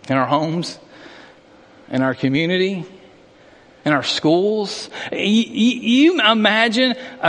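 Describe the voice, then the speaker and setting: A man delivers a sermon as a pastor, his voice pitched high for a man. He preaches in earnest, dropping low and slow for quiet points and then speeding up with rising passion. His words ring out with a long reverb, as in a large hall. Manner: earnest preaching, swings from hushed to impassioned.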